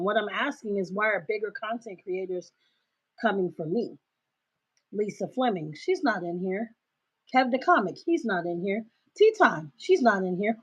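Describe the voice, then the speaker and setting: A woman hosting a casual livestream, talking loudly and emphatically into her cell phone. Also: fairly high pitch, husky. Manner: loud, emphatic, ranting. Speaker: livestream host. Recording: dull cell-phone recording.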